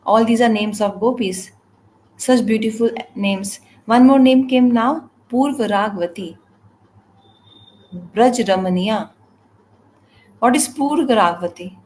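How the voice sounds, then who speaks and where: A woman interpreting a spiritual scripture class, speaking in halting phrases with restarts and repeated words. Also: fairly high pitch, darkish tone, low-quality recording. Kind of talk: translating a devotional scripture class.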